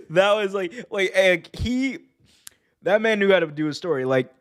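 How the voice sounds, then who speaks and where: This wrestling podcast host's voice sits high, and he takes his time. Still, he's excited and laughing in the casual chat, tripping over restarts and hollering commentators' famous lines.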